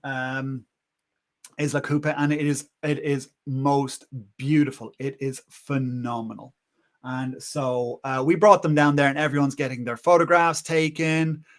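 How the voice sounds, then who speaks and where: A man hosting a livestream, telling a personal story in an animated, rambling way with frequent restarts. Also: medium pitch, unhurried. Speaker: livestream host.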